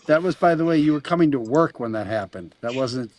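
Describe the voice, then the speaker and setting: A man's voice: mid-range voice, animated, fairly quick, a little mellow. A man on a comedy podcast who wryly teases the others about their stories in casual banter. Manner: wry, teasing commentary. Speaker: guest comedian.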